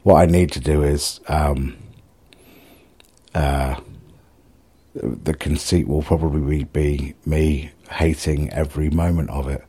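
A man's voice: a bass voice, fairly even intonation, slow, dark tone, breathy edge. A middle-aged man, rambling in a casual solo video diary, self-mocking and sweary. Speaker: vlogger.

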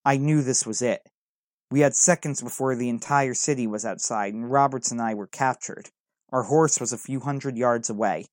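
A man narrates a first-person adventure in an earnest, dramatic reading voice. His pitch sits in the middle for a man. The recording is dry and close, with no room echo. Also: normal speed.

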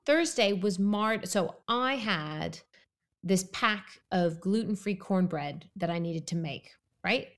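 A woman co-hosting a casual podcast, telling animated anecdotes and acting out her own thoughts. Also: medium pitch, takes it slowly. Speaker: podcast co-host. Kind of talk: casual chat.

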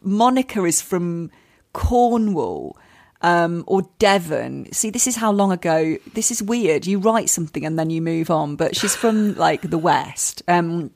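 A woman's voice: lowish voice, animated, unhurried, a little mellow. Chatty, self-deprecating Englishwoman. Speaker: guest, comedian and author. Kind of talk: casual podcast chat.

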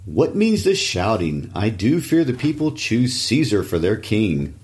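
A man's voice: fairly low pitch, very animated, measured pace, a little mellow, pitched above the performer's own voice. A man reading the part of Brutus, a proud, wary Roman nobleman of about forty, in a plain reading of verse. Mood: earnest.

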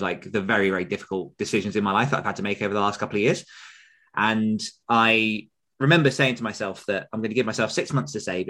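Low-voiced man casually rambling. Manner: relaxed, rambling, lots of fillers. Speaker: podcast co-host. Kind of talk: casual podcast chat.

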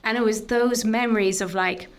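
A woman, a podcast guest talking candidly and openly about a deeply personal experience, with lots of "like" fillers. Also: steady tone, moderate pace. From Ireland. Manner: open, heartfelt, full of "like" fillers.

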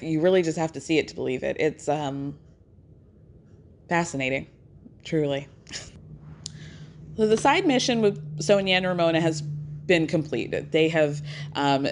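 A woman podcast host telling a story in a chatty, wry way. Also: on the low side. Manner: chatty, wry, acts out quotes in quick impressions. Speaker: podcast host recapping a reality show. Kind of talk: casual recap storytelling.

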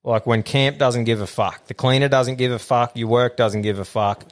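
A man co-hosting a podcast, telling stories in a loose, swearing, animated way. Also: medium pitch, moderate pace. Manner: profane, animated storyteller who acts out quotes. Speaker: podcast co-host. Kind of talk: casual chat.

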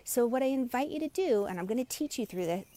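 A woman and meditation teacher talking on a live stream and giving gentle, inviting, unhurried guidance. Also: a little high, lively intonation.

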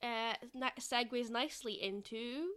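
A woman's voice: on the high side, measured pace, a bit bright, smooth. A young woman co-hosting a podcast, chatting casually with wry, sarcastic quips. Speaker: podcast co-host. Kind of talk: casual chat.

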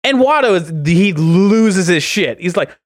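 A man's voice: high voice, lively intonation, unhurried, no room sound, clean studio sound. A man co-hosting a podcast, telling a long joke in a rambling style full of fillers. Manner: rambling, filler-heavy storytelling. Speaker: podcast co-host.

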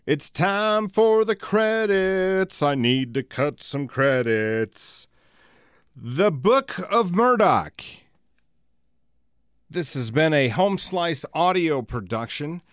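Speaking slowly in a slightly high, animated voice, a middle-aged podcast host rambles through stories on a studio microphone, swearing a lot and laughing often. The tone is clean with no room sound.

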